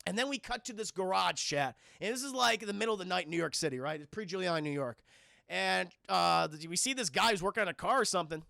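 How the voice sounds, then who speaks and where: A man talks straight to his stream chat, retelling a movie with animated, rambling energy and plenty of swearing. his voice is bright with a gravelly fry, and the sound is close and dry. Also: high-pitched, fast, no echo. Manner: animated, profane, rambling storytelling. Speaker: film reviewer streaming to chat. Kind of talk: casual livestream film recap.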